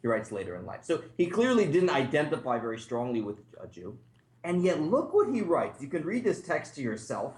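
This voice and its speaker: A man, a rabbi, teaching a class in a relaxed, conversational way with frequent asides. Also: on the high side, brisk. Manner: conversational, thinks aloud, many asides. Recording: echoey room.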